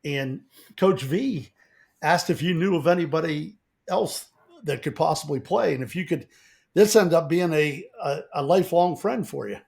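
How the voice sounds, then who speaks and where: A man hosting an interview, relaxed, reacting with short replies before asking his next question. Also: a little high, moderate pace, gravelly. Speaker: podcast host.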